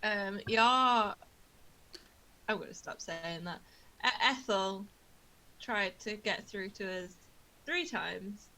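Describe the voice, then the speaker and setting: A woman's voice: mid-range voice, slow, long pauses, sharp tone, low-quality recording. A woman playing a tabletop game, talking hesitantly with many fillers and giggles. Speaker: player. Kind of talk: casual tabletop game play.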